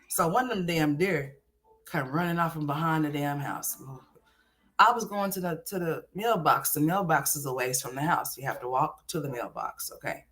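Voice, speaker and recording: On a livestream, a woman from Oklahoma tells a story with loose, animated energy and plenty of cursing. Her volume rises and falls, going from low mutters to loud outbursts.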